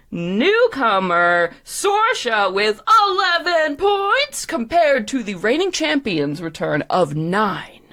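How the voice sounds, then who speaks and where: A woman's voice: fairly bright tone, full character voice. A woman voicing a showy fey game-show announcer who draws out her words theatrically. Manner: booming, drawn-out, theatrical.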